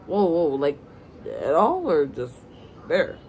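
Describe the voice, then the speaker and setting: A woman's voice: sits low, very animated, takes it slowly, darkish tone, a little hiss or hum, heavily acted. A woman voicing a playful, cocky young man who teases his girlfriend on a video call. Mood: teasing.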